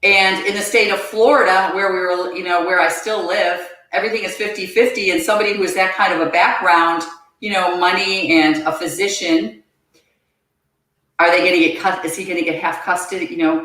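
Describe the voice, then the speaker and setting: A woman guest on a podcast, telling her personal story in an earnest, halting way and repeating words as she goes. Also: fairly low pitch, fairly even intonation, a bit bright. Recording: very echoey room.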